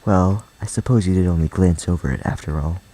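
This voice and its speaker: A man voicing a shy, bookish young woman who speaks in a soft, hesitant, gentle way. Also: deep voice, brisk, low-quality recording. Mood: timid.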